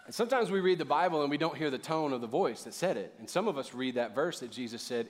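A middle-aged male pastor preaching a sermon in a lively, conversational way, calling on the audience to respond. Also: fairly high pitch, quick pace, few pauses. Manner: casual, conversational asides.

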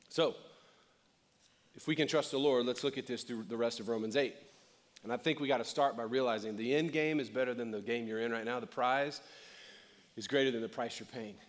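A middle-aged male pastor preaching a conversational sermon, joking and acting out short voices. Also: medium pitch.

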